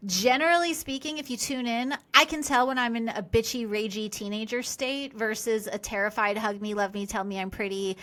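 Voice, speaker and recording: A woman guest on a podcast, talking candidly and quickly in a casual conversation, with self-deprecating asides and digressions. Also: fairly high pitch, fairly even intonation, bright, forceful tone.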